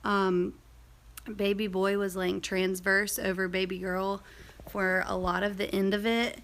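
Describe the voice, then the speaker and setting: A woman's voice: mid-range voice, flat delivery, a little slow, fairly bright tone, slight background noise. A young woman telling a personal story in a casual, rambling vlog, full of fillers and asides. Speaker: vlogger.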